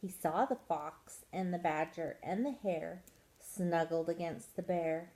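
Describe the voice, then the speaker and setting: Slow, low-voiced woman reading a picture book. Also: rough recording. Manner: expressive, drawing out soft words. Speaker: storytime reader.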